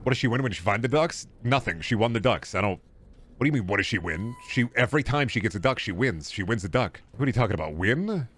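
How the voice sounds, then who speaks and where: A man's voice: lowish voice, expressive, fast, a bit bright. A man streaming a game, rambling and joking with chat and swearing freely. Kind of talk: casual live gameplay commentary.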